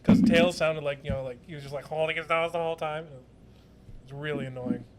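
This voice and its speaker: A man's voice: fairly high pitch, fairly even intonation, a little fast, very noisy. A young man co-hosting a casual podcast, explaining things at length with frequent fillers and restarts. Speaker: podcast co-host. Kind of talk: casual chat.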